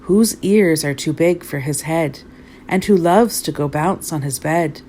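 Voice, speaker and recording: A woman voicing an ancient Sphinx who poses a riddle in a slow, solemn way. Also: low voice, warm tone, slight background noise.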